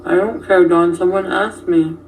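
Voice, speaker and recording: A woman's voice: on the low side, fairly even intonation, normal speed, darkish tone, recorded from a distance, slight background noise, low-quality recording. A woman hosting a casual livestream, reacting to viewer comments and chatting with a co-host.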